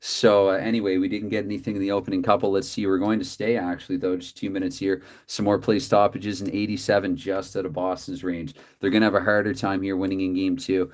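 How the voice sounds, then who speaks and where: A man calling play-by-play for a dice hockey game from his desk, chatty and quick to correct himself with apologetic asides. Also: low-pitched, little pitch movement. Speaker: tabletop hockey game host.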